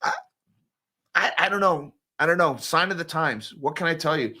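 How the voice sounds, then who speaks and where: A man's voice: fairly high pitch, animated, normal speed, bright, forceful tone. A man hosting a casual livestream, talking bluntly and sarcastically with a sore throat, reading and answering viewer comments. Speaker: host.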